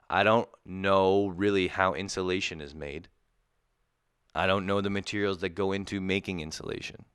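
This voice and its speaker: Man, young adult, deep voice, smooth tone, profane comedic rant, dry close sound. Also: a bit bright, no room sound. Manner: exasperated, profane, mock-outraged ranting. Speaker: podcast host.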